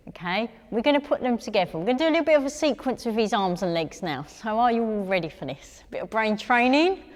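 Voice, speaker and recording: An English woman instructing a gentle chair exercise class, encouraging and talking viewers through each move. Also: a little high, big pitch swings, a little fast, long reverb tail. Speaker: fitness instructor.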